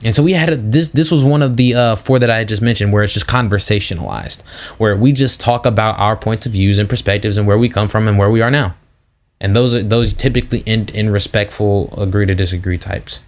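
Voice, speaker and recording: A young man hosting a faith podcast, telling stories in a casual, slangy, animated way. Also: on the low side, brisk. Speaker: podcast host. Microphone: podcast mic.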